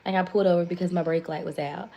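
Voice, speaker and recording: A woman, hosting a casual livestream, retelling a story in an animated way and reading viewer comments aloud. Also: fairly low pitch, rapid-fire, vocal fry. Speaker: livestream host.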